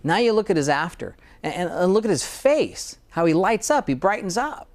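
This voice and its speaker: A man's voice: high-pitched, big pitch swings, normal speed. A middle-aged American dentist in a casual interview, earnest and sometimes getting emotional about his work. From United States.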